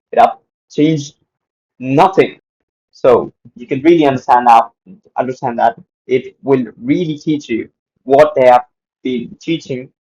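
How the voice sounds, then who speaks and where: A man's voice: medium pitch, darkish tone, breathy edge, rough recording. A man hosting his own channel, delivering an emphatic, repetitive opinion monologue. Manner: repetitive, emphatic, says "literally" often. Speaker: channel host.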